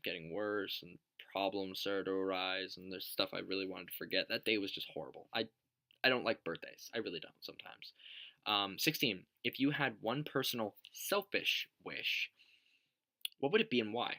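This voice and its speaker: A man's voice: on the low side, normal speed, sharp tone. A young man answering tag questions on a vlog, rambling, joking and swearing a lot. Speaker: vlogger.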